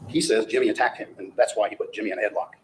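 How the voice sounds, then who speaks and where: A very fast-talking man with a fairly low pitch and fairly even intonation argues as prosecutor in his closing, forceful and rhetorical, reusing phrases for effect. The recording carries courtroom echo and faint noise.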